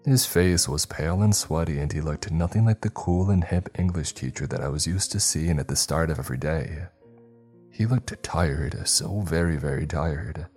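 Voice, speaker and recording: A man narrating a scripted horror story in a measured, storytelling manner. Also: rumbling low, a little mellow, soft background music.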